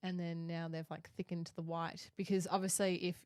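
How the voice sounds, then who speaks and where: Chatty Australian-raised woman, lowish voice. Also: flat delivery, normal speed, a little mellow, dry recording, clean studio sound. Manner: chatty, rambling with fillers. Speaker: podcast co-host. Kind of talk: casual chat.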